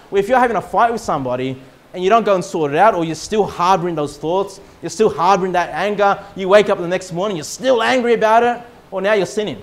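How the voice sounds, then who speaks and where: High-voiced Australian pastor preaching. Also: male voice. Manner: emphatic preaching, reads scripture slowly and loudly. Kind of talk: sermon. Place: church.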